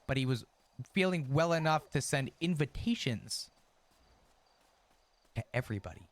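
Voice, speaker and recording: A man streams a roleplay game while staying in character, ranting profanely and laughing often. His voice is fairly high and animated, at a normal speed.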